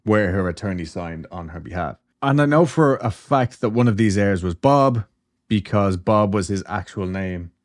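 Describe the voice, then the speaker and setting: A man's voice: fairly low pitch, animated, normal speed. A man hosting a podcast, telling a story in a loose, chatty way, with swearing and asides. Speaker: podcast host. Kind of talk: casual storytelling chat.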